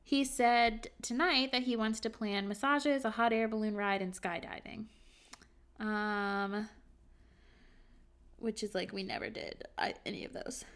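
A woman's voice: on the high side, steady tone, fairly bright tone. Young woman reading her old journal. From Virginia. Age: 20s. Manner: candid, halting, many fillers. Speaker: podcast host. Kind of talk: reading journal entries aloud.

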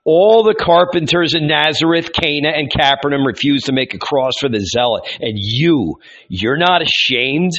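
A man's voice: on the high side, animated, normal speed, fairly bright tone, muffled recording, pitched above the performer's own voice. A man reading aloud, voicing a fierce red-bearded zealot who bellows and scorns. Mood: raging scorn.

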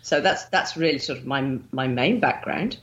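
A woman's voice: extremely low pitch, expressive, moderate pace, a bit bright, muffled recording. A middle-aged woman with an English accent, a guest on a podcast, talking in a chatty, easy way with lots of "sort of" and frequent laughs. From England. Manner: chatty, laughs often, many "sort of" fillers. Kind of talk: casual interview.

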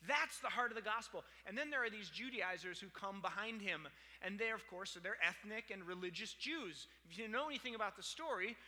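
A pastor delivers a conversational sermon, telling stories in a chatty way packed with filler words. His voice is high with a sharp tone, and a long hall reverb trails behind it.

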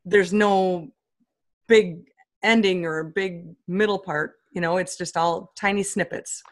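A woman being interviewed as an author, telling funny stories in a lively way and acting out the voices of the people she quotes. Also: fairly low pitch, a little slow. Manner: animated, acts out quoted voices, laughs often. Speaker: author and guest. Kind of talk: comic storytelling in an interview.

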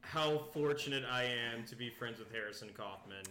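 A man's voice: mid-range voice, moderate pace, pushed and bright, echoey room, slight background noise. A young man co-hosting a podcast, chatting casually, rambling with lots of fillers and laughing often. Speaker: podcast co-host. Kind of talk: casual chat.

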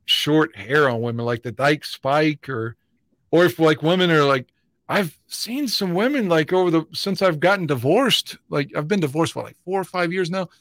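A middle-aged man in loose, crude podcast banter, swearing freely and rambling through fillers. His voice sits a bit high for a man. The sound is close and dry, with no room around it. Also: a bit bright, no echo. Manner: blunt, profane, rambling with many fillers. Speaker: podcast co-host.

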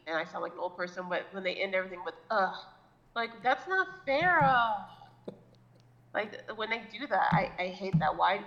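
A woman's voice: mid-range voice, a bit bright, lo-fi sound. A woman co-hosting a podcast in casual chat, rambling with many likes and restarts and swearing bluntly. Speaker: podcast co-host.

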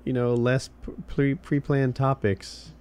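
A man's voice: mid-range voice, a little slow, clear, resonant tone. A man co-hosting a casual podcast, chatting loosely with lots of fillers. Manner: relaxed, rambling, trailing fillers. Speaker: podcast co-host. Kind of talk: casual podcast chat, reading tweets aloud.

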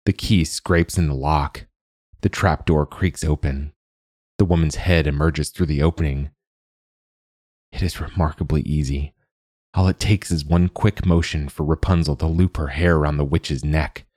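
Man, very deep voice, dry close recording, measured story narration, podcast host. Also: fairly even intonation, a little mellow, dry recording. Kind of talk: scripted narration of a short story.

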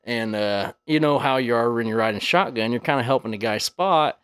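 A man's voice: mid-range voice, fairly quick, a bit bright, clean tone, no echo. Guest man, easygoing storyteller who swears a lot. Dry, close mic. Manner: laid-back, cusses freely. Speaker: podcast guest. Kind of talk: casual storytelling.

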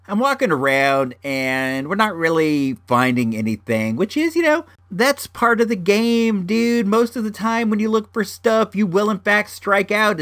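A man's voice: on the high side, fairly bright tone. A man casually telling a personal story on his show, rambling with lots of fillers and restarts.

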